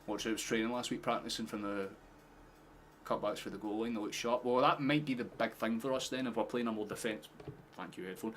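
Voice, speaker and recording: A man chats through a football match for his live stream, swearing freely and laughing easily. His voice sits low, and there is a faint hiss of background noise. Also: fairly bright tone. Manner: chatty, swearing, quick to laugh. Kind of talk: casual live match commentary. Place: home streaming setup with headphones.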